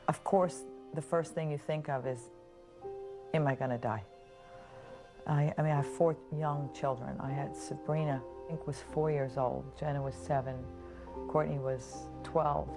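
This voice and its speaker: Low-voiced reflective woman over music. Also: steady tone, moderate pace. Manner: quiet, reflective, hesitant. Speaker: breast cancer patient, mother of four. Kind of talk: personal testimonial interview. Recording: music bed under the voice.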